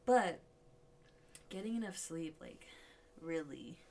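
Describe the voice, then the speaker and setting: A young woman talks loosely into her podcast mic, with a gravelly edge and a fairly low voice. She swears freely, laughs often, and sounds a bit stuffy and yawny. A faint hiss sits behind her. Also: animated, takes it slowly, mellow. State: yawning, stuffy sinuses. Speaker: podcast host. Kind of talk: casual solo podcast chat.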